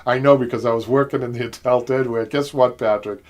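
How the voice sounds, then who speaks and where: A man with a Boston accent hosts a live show in an easy, rambling way. His voice sits at an ordinary pitch, and he chats, digresses and laughs as he works through comments. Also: fairly even intonation, brisk, a little mellow. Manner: chatty, rambling, laughs often. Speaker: upholstery show host. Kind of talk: live-stream chat reading viewer comments.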